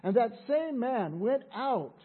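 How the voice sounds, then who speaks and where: A man's voice: extremely high pitch, big pitch swings, takes it slowly, husky. A man preaching a sermon in a conversational way, often repeating words as he restarts. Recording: tinny phone-like sound.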